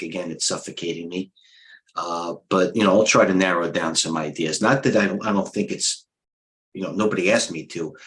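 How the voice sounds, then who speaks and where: A man's voice: low voice, fairly bright tone, rough recording. A middle-aged man, a head trader and coach, giving rambling, off-the-cuff live market commentary with blunt opinions and lots of fillers.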